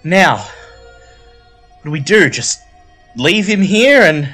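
A woman's voice: on the low side, expressive, very slow, a bit bright, faint music behind, voice pushed up, heavily acted. A man voicing a young woman thin-blood who talks shrilly and breaks into fake sobs. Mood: worried.

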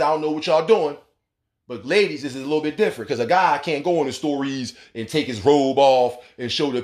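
A man hosting a radio talk show, delivering a profane, preachy rant with mocking rhetorical questions. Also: mid-range voice. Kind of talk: casual monologue rant.

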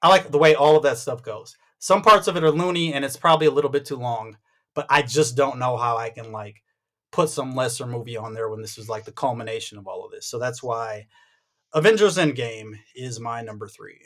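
Bright-voiced man chatting about movies. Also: mid-range voice, fairly quick. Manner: rambling, animated storytelling with restarts. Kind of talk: casual movie ranking chat.

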